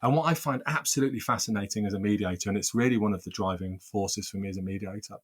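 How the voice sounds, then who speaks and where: Male mediator guest, lowish voice, earnest, stacks phrases in lists. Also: quick pace, slightly rough. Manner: earnest, repeats words when restarting, builds lists of phrases. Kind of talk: interview answers.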